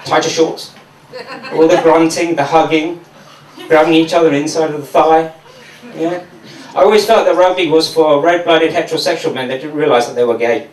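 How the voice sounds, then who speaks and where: A stand-up comedian from Mauritius, doing a sardonic, profane routine at a comedy venue. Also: male voice, fairly high pitch, fairly even intonation, moderate pace. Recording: echoey room from a distance.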